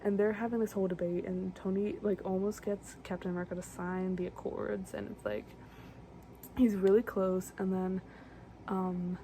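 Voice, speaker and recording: A woman's voice: medium pitch, normal speed, mellow, a little hiss or hum. A young woman casually recapping a film in a rambling, chatty way, full of fillers and asides. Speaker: vlogger recapping films.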